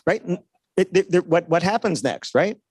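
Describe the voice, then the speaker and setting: A man with a slightly high voice gives a lively sales seminar, speaking casually and tossing "right?" to the crowd again and again. His voice is dry and close, with almost no room sound. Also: moderate pace, slightly rough, no echo. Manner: conversational, keeps asking "right?", acts out dialogues. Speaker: seminar speaker at a trade show. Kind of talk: motivational sales talk to an audience.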